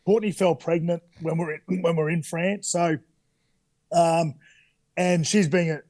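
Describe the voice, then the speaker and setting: A man's voice: a little high, a little slow, no echo. A man in his thirties with an Australian accent, a guest telling candid stories in a casual interview, full of fillers and restarts. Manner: relaxed, candid anecdotes with many fillers. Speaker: podcast guest.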